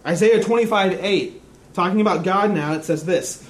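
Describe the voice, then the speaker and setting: A man preaching a sermon in a church, earnest and measured, dropping to a hushed tone in reflective stretches. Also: high-pitched. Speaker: pastor.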